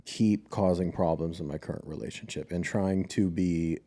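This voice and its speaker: A young man co-hosting a casual podcast, telling a long personal story with lots of "like" and the odd curse. His voice sits low and sounds mellow and relaxed. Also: moderate pace. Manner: recounts a dream, acts out family quotes, swears freely. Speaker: podcast co-host.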